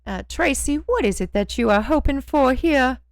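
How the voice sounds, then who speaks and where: A woman voicing a blunt, gruff female FBI agent in an audiobook, dropping her voice low. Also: animated, normal speed. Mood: wry. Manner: gruff, commanding. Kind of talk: audiobook character reading.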